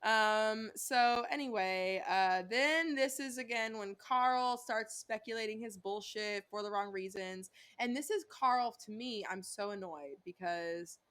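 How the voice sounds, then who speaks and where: A woman in her thirties co-hosts a casual recap podcast. She talks in an animated, profane way, mid-pitched and ordinary in tone. She acts out bits of dialogue as she goes. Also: unhurried, hardly any pauses, clear, resonant tone. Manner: animated, swearing, acts out quotes from the show. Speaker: podcast co-host.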